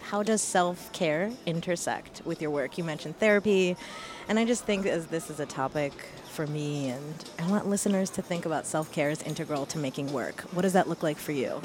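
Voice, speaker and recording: A woman's voice: low-pitched, moderate pace, background noise. A woman interviewer asking questions in a curious, conversational way.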